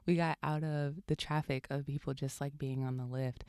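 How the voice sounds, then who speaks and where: Podcast host: young woman, low husky-edged voice with some fry, warm and dry, chatty and giggly. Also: steady tone, a little fast, dry recording. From California. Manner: laughs often while telling a story. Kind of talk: casual storytelling.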